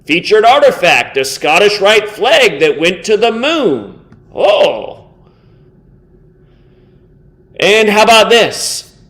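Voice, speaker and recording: A man in his thirties delivering an angry reaction commentary, contemptuous and insulting, swearing heavily and slowing down to mock. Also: sits high, very animated, fairly bright tone. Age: 30s. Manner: sarcastic, slows down to mock. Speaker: online video host.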